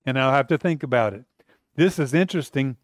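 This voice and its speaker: A pastor preaching a sermon in a loose, conversational way, often restarting and acting out the people in the story. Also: male voice, medium pitch, fairly quick, no room sound, studio quality.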